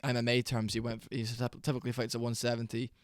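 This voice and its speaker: A young man giving a casual, rambling reaction commentary, tired and low on energy, with fillers and swearing. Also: completely flat delivery, quick pace, clean tone, no echo, studio quality. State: sleepy, worn out. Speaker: MMA reaction channel host.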